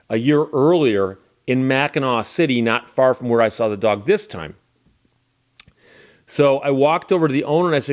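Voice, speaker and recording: A middle-aged man hosting his own channel, casually telling stories to camera in a relaxed, wry way and chuckling now and then. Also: mid-range voice. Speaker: YouTube channel host.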